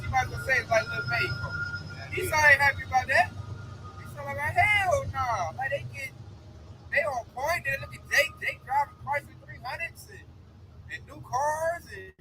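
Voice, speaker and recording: A man's voice: extremely high pitch, sharp tone, slight background noise, low-quality recording. A man preaching outdoors by a road, telling stories animatedly with profanity in casual chat. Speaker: street preacher.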